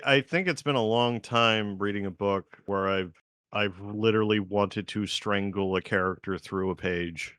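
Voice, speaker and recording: An animated man in a casual book-club chat who keeps slipping into playful character voices. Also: lowish voice, unhurried, clear, resonant tone, dry recording, studio quality.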